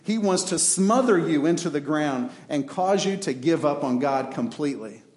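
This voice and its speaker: A man with a somewhat high voice delivers a fervent sermon in a church. The room is echoey, with the sound bouncing off the walls. He moves between urgent appeals and quiet, lowered passages. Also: animated, moderate pace. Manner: impassioned preaching, acts out prayers and God's replies. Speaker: pastor.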